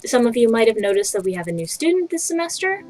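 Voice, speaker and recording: A woman's voice: a little high, big pitch swings, quick pace, over music. A woman voicing a composed, strict female teacher who speaks formally.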